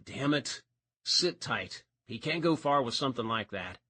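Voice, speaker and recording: A male narrator voicing a rugged young deputy who talks curtly and tries to stay calm. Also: medium pitch, a little slow, breathy edge, full character voice. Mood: terse. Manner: curt, trying to stay calm.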